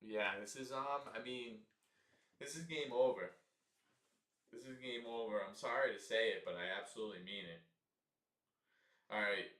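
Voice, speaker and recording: A young man does casual live play-by-play for his stream, his bright, forceful voice bouncing around an echoey room. He grows more frustrated as he goes, swearing freely and breaking into loud outbursts. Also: fairly low pitch, distant mic. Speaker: livestream commentator. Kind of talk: casual live game commentary.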